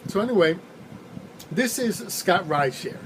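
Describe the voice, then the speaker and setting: Male rideshare driver, easygoing storyteller with a slightly high voice, recorded in a noisy car cabin. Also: lively intonation, moderate pace. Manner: rambling, easygoing, chuckles while telling it. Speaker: rideshare driver and channel host. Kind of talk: casual anecdote storytelling.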